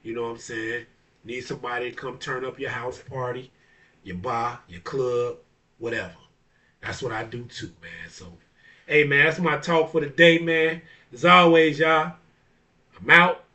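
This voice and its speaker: A barber talks straight to camera in a loose, profane monologue, laughing often and leaning on stock phrases. His voice is bright and forceful, picked up from a little distance from the mic. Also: medium pitch, steady tone, measured pace. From Chicago area. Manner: blunt, profane, laughs often, repeats "you know what I'm saying". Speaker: barber and DJ hosting a talk video. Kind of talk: casual monologue.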